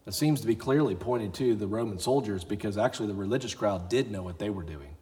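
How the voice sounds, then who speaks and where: A man's voice: on the low side, fast talker, darkish tone, big-room sound. A pastor giving a conversational sermon, sometimes acting out the people he quotes, in a church sanctuary. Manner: conversational preaching, acts out quoted voices.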